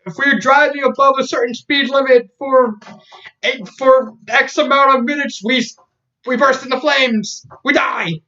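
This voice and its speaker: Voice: high-pitched, fairly even intonation, unhurried, sharp tone, recorded from a distance, lo-fi sound, pitched above the performer's own voice. A reviewer doing a frantic cartoon boy.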